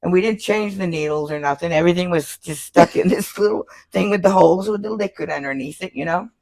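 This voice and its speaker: Older lady with a gravelly voice, tattoo artist spinning stories, laughs a lot, does the voices. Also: on the low side, fast. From Florida. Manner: animated, laughs often, acts out quoted voices. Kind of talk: casual storytelling interview.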